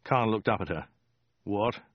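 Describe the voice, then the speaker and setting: A man narrating a comic story in a dry, deadpan way. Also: fairly low pitch, normal speed, no room sound, highs cut off. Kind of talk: audiobook reading.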